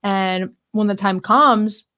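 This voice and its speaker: A woman co-hosting a podcast in casual chat, talkative and expressive, with lots of "like" and "you know". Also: mid-range voice, slow. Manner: chatty, fills talk with "like" and "you know"; expressive, gasps and laughs while talking. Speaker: podcast co-host.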